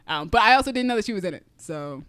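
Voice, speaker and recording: A woman's voice: mid-range voice, animated, fast, fairly bright tone, no echo. A woman co-hosting a casual movie review podcast, chatty and enthusiastic, with frequent fillers and restarts. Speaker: podcast co-host.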